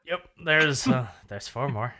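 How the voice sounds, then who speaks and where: A man running a tabletop game as game master, handing out results with deadpan, crude jokes. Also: medium pitch, a little slow, crowd noise.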